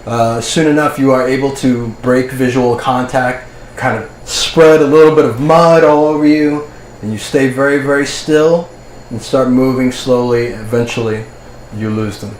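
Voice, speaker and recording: A man narrating a tabletop role-playing game as its game master, in a steady storytelling manner. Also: mid-range voice, moderate pace. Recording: echoey room, faint ambient noise.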